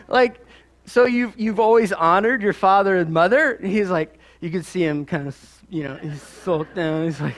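High-voiced pastor with a Midwestern accent. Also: male voice, animated, moderate pace, fairly bright tone. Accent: Midwestern American. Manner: conversational, storytelling with asides. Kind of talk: sermon.

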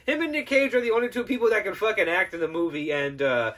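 A man's voice: high-pitched, fast talker, fairly bright tone. A man hosting a podcast, giving a casual, profane and sarcastic film review with frequent laughter. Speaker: podcast host.

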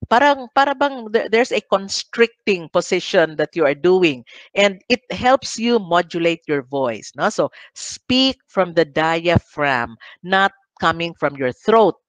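A woman's voice: lowish voice, lively intonation, takes it slowly, no echo. A woman with a Filipino accent giving an earnest recorded lecture as a teacher trainer, often ending her points with a questioning "no?", speaking into a headset mic.

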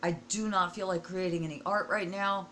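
A middle-aged American woman with a hoarse throat, talking casually and emotionally to her viewers in a personal vlog, often clearing her throat. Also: lowish voice, fairly even intonation, brisk, bright, forceful tone, slight background noise. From USA. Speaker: vlogger.

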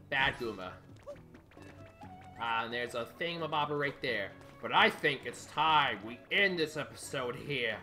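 A man doing let's-play commentary, excitable and prone to yelling outbursts at the game. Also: fairly high pitch, unhurried, gravelly, faint music behind. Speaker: gaming YouTuber.

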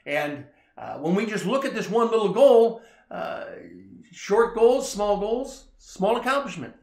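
Male pastor, high voice, lively storyteller; echoey room sound. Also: a little slow. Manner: animated storyteller, acts out quoted lines louder. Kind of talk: informal sermon, retelling a movie scene.

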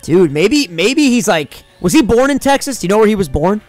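A young man joking and laughing loudly as he plays a video game and chats with a friend. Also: high voice, brisk, soft background music. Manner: excitable, jokey, bursts into loud laughs and sing-song. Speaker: co-host playing a video game. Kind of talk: casual gaming commentary.

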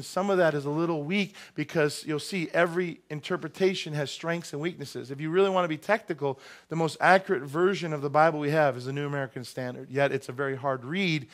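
A man's voice: a little high, quick pace, hardly any pauses. Chatty joking male pastor. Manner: conversational, joking asides. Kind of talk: sermon. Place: church sanctuary.

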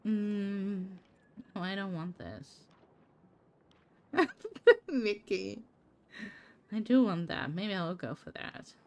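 Lively, slow-talking woman streamer chatting. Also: mid-range voice. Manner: chatty, laughs often, talks to chat by name. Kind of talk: casual live-stream chat while gaming.

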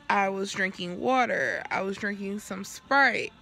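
Young woman vlogger, post-surgery and burping, bright tone, raspy fry, candid and profane, acts out quotes. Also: mid-range voice, unhurried. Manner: candid, swears freely, acts out quoted dialogue. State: burping, recovering after surgery. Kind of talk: casual storytelling vlog.

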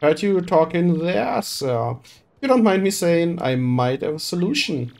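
A streamer reading game dialogue aloud and voicing an eager, deferential sailor with rough, folksy speech. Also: medium pitch, lively intonation, a little slow, darkish tone.

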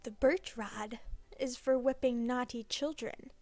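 A woman voicing a smug, calculating Victorian gentleman in a storybook reading, speaking with quiet menace. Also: a little high, steady tone, a little slow, no room sound, faint music behind, natural voice.

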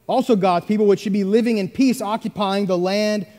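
A man preaching a sermon as pastor, emphatic, swinging between loud stresses and hushed asides. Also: sits high, fairly even intonation, a little fast. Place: church sanctuary. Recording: long church reverb.

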